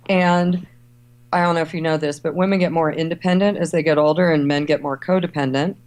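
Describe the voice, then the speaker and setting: A middle-aged travel writer and editor from Ohio and Kentucky speaks in a low, slightly fast voice. As a guest in a conversational interview, she tells stories with animation and acts out the voices of the people she quotes.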